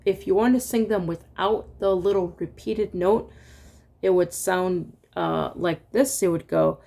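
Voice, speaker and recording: A woman's voice: fairly low pitch, measured pace, gravelly, dark tone. A woman teaching a casual online music lesson, singing solfege syllables and chatting with fillers and laughs.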